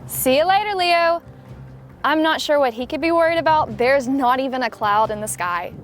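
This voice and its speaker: A woman playing an upbeat female TV field reporter in a children's skit, interviewing brightly. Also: high-pitched, animated, moderate pace, faint music behind. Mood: perky. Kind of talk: comedic skit acting.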